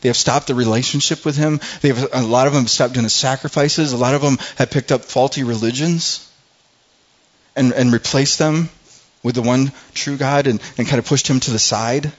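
A man's voice: medium pitch, fairly even intonation, moderate pace. Earnest male preacher, lo-fi sound. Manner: earnest, conversational preaching with frequent restarts. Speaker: pastor. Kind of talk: sermon.

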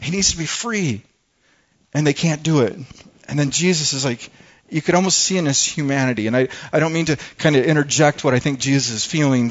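A man preaching a sermon as pastor, earnest, and often repeating and stumbling over words. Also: a little high. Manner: earnest, stammering repetitions. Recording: dull lo-fi sound.

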